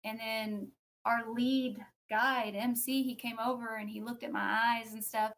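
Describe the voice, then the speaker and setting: A woman with a somewhat high voice tells a personal story as a podcast guest. She talks in a loose, conversational way and acts out what others said. Her telling is animated, broken up by fillers and restarts. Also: a little slow. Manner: animated, acts out quoted speech.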